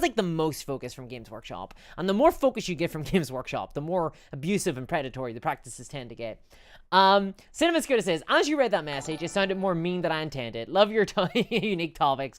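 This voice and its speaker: Woman rambling on her stream, trips over words a lot, low-ish smooth voice, super dry mic. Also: no echo. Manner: rambling, stumbling over words, laughs often. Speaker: streamer answering live chat. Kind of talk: casual live-stream chat.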